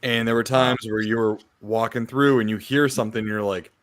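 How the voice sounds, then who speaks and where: A man's voice: mid-range voice, fairly quick. A man co-hosting a podcast, chatting casually about games with easy laughs and swearing. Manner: relaxed gamer talk with laughs and swearing. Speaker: podcast co-host. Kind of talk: casual chat.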